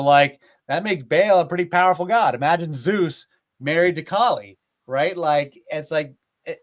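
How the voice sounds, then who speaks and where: A man retelling old myths in a casual, animated way, with lots of filler words, as a podcast host. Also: a little high. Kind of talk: casual storytelling chat.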